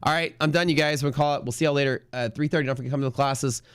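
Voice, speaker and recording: A man hosting a live day trading stream, chatting casually and joking, then pitching his trading classes. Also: steady tone, rapid-fire, smooth, no echo, clean studio sound. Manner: joking, laughs at his own jokes.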